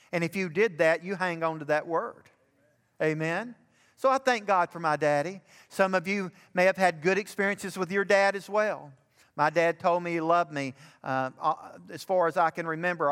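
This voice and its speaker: An older pastor from Alabama delivers a sermon in a high, a bit bright voice that climbs with fervent emphasis. A long reverb carries his words, as though they fill a church sanctuary.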